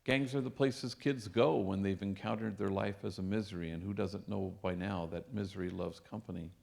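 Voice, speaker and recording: Priest, 50s, slightly gravelly voice, easygoing storyteller at a lecture. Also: male voice, low-pitched, fairly even intonation, normal speed. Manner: warm anecdotal storytelling with Spanish phrases. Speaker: priest and speaker. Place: lecture hall.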